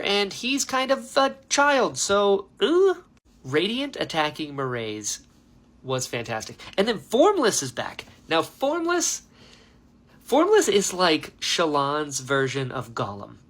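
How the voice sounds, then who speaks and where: A man giving a casual, animated book reaction, ranting with lots of fillers. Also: sits high, slow. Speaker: book reviewer.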